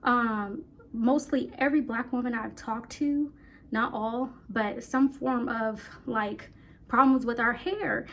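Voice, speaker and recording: A woman's voice: fairly high pitch, fairly even intonation, a little hiss or hum. Breathless, chatty young woman vlogger. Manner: chatty, rambling, talks fast, addresses viewers as y'all. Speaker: hair care vlogger. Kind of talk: casual chat to camera.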